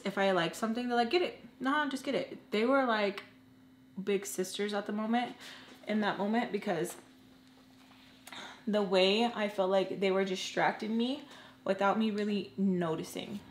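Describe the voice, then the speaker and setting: A woman in her twenties telling a personal story in a casual storytime vlog, earnest and emotional, halting with lots of "like" and restarts. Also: medium pitch. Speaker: storytelling vlogger. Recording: roomy room with faint hum.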